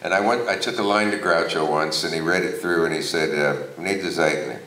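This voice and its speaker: A man's voice: low voice, brisk, bright, forceful tone, distant mic. An older man in a wry, joking on-stage conversation in a theater. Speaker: talk show host on stage. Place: theater stage before an audience. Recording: roomy hall, mic from afar.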